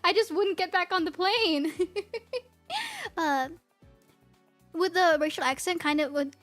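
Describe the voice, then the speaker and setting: A woman with a very high voice and a light New England accent, chatting with her livestream audience. She rambles and giggles a lot, and soft music plays faintly behind her. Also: unhurried. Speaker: streamer. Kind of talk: casual livestream chat, reading chat.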